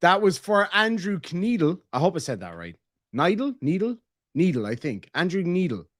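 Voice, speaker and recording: A man's voice: high-pitched, big pitch swings, brisk, no echo, clean studio sound. An Irish man hosting a casual stream, reading member messages aloud in a joking, crude, rambling way. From Ireland. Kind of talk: casual reaction stream chat.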